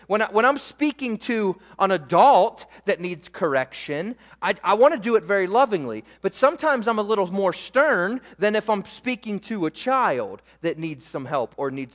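A young man preaching a sermon as pastor, animated and emphatic, repeating words for weight. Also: sits high. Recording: echoey hall reverb.

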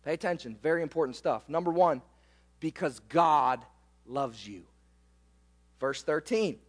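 A man's voice: fairly high pitch, lively intonation, unhurried. A man preaching a sermon, emphatic and full of rhetorical questions to his listeners. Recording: long hall reverb.

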